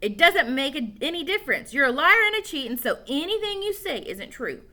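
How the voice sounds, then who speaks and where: A woman's voice: high voice, sing-song, brisk, bright, forceful tone, pitched above the performer's own voice, full character voice. Woman doing an insistent arguing boy. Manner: insistent, lecturing. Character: argumentative boy, quick to reason.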